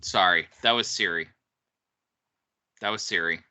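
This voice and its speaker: A man's voice: low-pitched, unhurried, pushed and bright, clean tone. A man co-hosting a podcast, chatting casually with frequent laughs and hesitations. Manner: laughs often, hesitant with ums. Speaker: podcast co-host and author. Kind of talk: casual chat.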